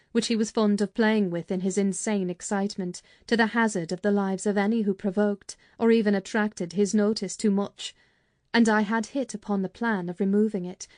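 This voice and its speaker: Mellow woman reading an audiobook. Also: medium pitch, dry recording, studio quality. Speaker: audiobook narrator. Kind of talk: scripted narration.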